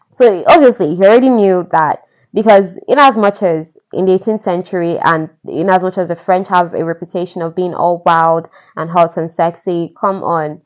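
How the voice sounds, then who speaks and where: A woman's voice: lowish voice, normal speed, a little mellow. A woman casually retelling a romance novel, gushing and talking straight to the listener. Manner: gushing, conversational, asides to the listener. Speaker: podcast narrator retelling a novel. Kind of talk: casual chatty storytelling. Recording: dull lo-fi recording.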